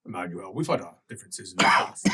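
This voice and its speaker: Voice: deep voice, animated, fast talker, sharp tone, slightly rough, recorded from a distance, pitched below the performer's own voice, exaggerated voice. A game master voicing a flustered male ambassador who stammers, hesitates and tries to placate. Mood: pleading. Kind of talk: improvised tabletop role-play.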